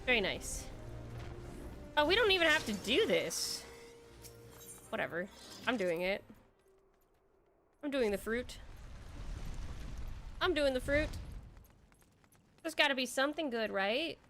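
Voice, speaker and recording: An excitable young woman commenting on her game as she plays, pitched a little high. She talks things through out loud, bursts into strings of yeses and drops swear words freely. It is loose, casual streamer chatter. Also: slow pace, pauses often, soft background music. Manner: excitable, swears, thinks aloud. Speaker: streamer playing an online game.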